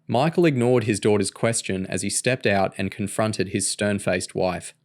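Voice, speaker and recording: A man reading a novel aloud in an even, steady narration. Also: on the low side, moderate pace, few pauses. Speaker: audiobook reader.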